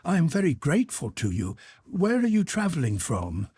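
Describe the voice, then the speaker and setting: A man's voice: a little high, sing-song, normal speed, a little mellow, husky, dry recording, studio quality, voice pushed up. A man doing a flustered young nobleman. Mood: flustered, polite. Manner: flustered, hesitant, forced politeness. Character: uneasy young nobleman, timid and hesitant.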